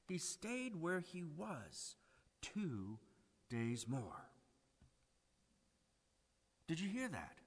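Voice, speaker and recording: A man preaching a sermon, swinging from loud pleading to hushed emphasis. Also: on the high side, big-room sound.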